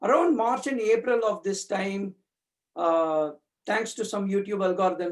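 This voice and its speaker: Reflective high-voiced man sharing his journey. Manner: thoughtful, searching, many fillers and restarts. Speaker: community speaker. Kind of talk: personal talk on spiritual reading.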